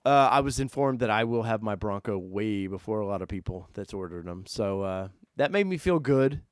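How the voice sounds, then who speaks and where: A man hosting a casual live-stream car chat, talking loosely and excitably, jumping from loud bursts to mutters. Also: fairly low pitch, moderate pace, no room sound, clean studio sound. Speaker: host.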